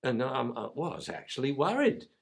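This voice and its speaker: A man's voice: mid-range voice, big pitch swings, moderate pace, creaky, husky, exaggerated voice. A man voicing a worried young male puppy with a London accent, earnestly telling his troubles. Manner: earnest, anxious storytelling.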